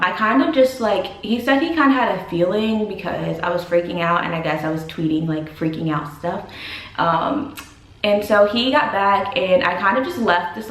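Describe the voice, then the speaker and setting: Young woman vlogging, rambly storytime chat, lots of "like", echoey room. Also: medium pitch. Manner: chatty, heavy use of "like", animated quoting of others. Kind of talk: casual storytime vlog. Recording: roomy echo.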